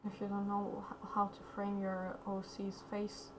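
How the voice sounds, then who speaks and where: Woman, streamer, quiet casual commentary, rambling, slightly sore throat, background noise. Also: mid-range voice, completely flat delivery, measured pace, poor audio. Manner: quiet, rambling, says okay a lot. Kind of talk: casual commentary while drawing.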